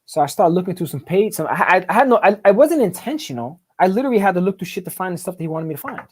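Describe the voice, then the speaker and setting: A man's voice: sits high, sing-song, rapid-fire, husky. A man telling his life story as a podcast guest, in profane street slang, often asking "right?" and repeating words in bursts. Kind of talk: casual storytelling interview.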